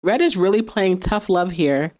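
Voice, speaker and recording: Podcast host lady, lowish voice, chatty recap, keeps laughing and doing the characters' lines. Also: expressive, moderate pace, darkish tone. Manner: chatty, laughs often, acts out quoted dialogue. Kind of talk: casual episode recap.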